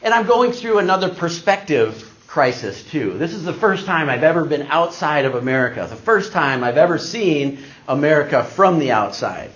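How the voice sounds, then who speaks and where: Animated man telling a story, lo-fi. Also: a little high, moderate pace. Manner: animated storyteller acting out quoted voices. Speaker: speaker giving a talk. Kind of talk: storytelling talk to an audience. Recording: dull lo-fi recording.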